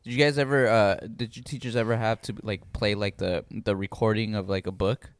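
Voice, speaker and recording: A man's voice: lowish voice, steady tone, fairly quick, no echo. A young man co-hosting a casual podcast chat, laughing often and telling things with animation. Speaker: podcast co-host.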